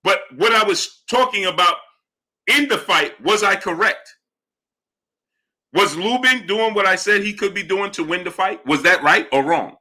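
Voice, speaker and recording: A man's voice: high voice, normal speed, pushed and bright. A man hosting a live boxing stream, arguing with chatters and greeting them by name. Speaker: livestream host. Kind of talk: live chat boxing talk.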